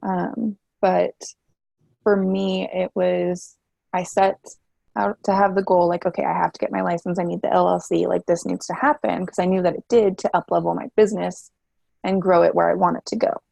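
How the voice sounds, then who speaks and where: A woman's voice: on the low side, level tone, normal speed, gravelly, mellow, no echo. A woman in her twenties, a guest telling her story candidly in a chatty way, with many fillers. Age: 20s. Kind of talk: casual interview chat.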